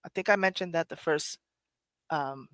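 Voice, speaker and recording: A middle-aged woman hosts her own podcast in a candid, reflective way, earnest and quick to laugh at herself. Her voice sits on the low side. The recording is dry and close, with no room sound. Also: fairly bright tone, no echo. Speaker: podcast host. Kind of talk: reflective personal talk.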